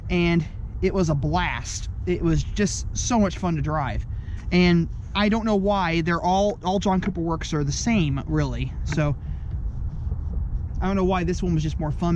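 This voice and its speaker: High-voiced man rambling through a car walkaround. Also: animated, normal speed, muffled recording, noisy background. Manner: jokey, rambling, corrects his own gags. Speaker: car reviewer and channel host. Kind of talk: casual walkaround car review. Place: outdoors in the cold beside a car.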